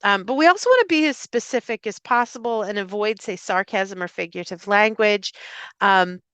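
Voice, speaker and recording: A middle-aged Irish woman speaks as a speech therapist giving a live talk to parents. Her voice is smooth and resonant at a middle pitch. The sound is close and dry, and she explains patiently, pausing on fillers and restarting phrases. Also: fairly bright tone, dry recording. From Ireland. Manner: acts out example phrases in a lifted voice.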